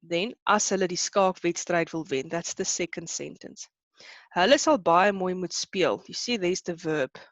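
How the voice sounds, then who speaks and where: A woman teaching a live online class, slowing to explain each term in two languages and stopping to ask whether everyone is still with her. Her voice sits a little low for a woman and sounds close and dry on the microphone. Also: dry recording. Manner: explains terms in two languages, checks in with students. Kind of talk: online lesson.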